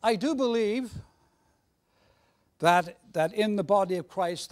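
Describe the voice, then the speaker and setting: A man's voice: sits high, a little mellow. A man preaching a sermon in a jovial, conversational way with frequent restarts. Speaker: guest preacher.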